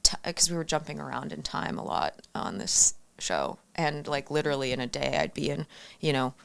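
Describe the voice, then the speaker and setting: A woman's voice: deep voice, expressive, vocal fry. A young woman from Arizona, a guest on a talk show, chatting casually with lots of fillers and restarts. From Arizona, USA. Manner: halting, many fillers and restarts. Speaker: guest actor. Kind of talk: casual interview chat.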